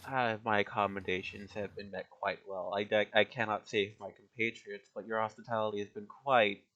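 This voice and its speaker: A man's voice: fairly low pitch, little pitch movement, brisk, a bit bright, muffled recording, close to an everyday voice. A man voicing an adventurer who turns overly polite and formal, stumbling over his grand words. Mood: courtly. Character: suave adventurer turning formally courteous.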